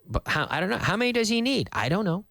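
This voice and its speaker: A man's voice: high-pitched, very animated, fast talker, vocal fry, fairly bright tone, no room sound, clean studio sound. A man hosting a live English lesson on the radio, quizzing listeners with questions and answering them himself. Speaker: English teacher, radio host. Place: radio studio.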